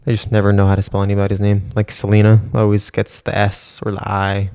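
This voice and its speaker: A man's voice: on the low side, completely flat delivery, fast talker, mellow, clear, resonant tone, no room sound. A tired young man co-hosting a casual podcast who answers with dry, teasing remarks. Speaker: podcast co-host. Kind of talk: casual chat.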